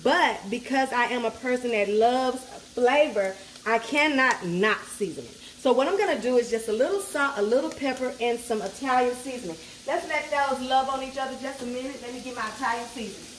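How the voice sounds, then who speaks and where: Brisk and high-pitched, this cooking channel host barely pauses as she chats her way through a relaxed at-home tutorial, slight noise in the background. Standing at her kitchen stove with a skillet sizzling, she jokes playfully, adds sassy remarks and addresses the food directly.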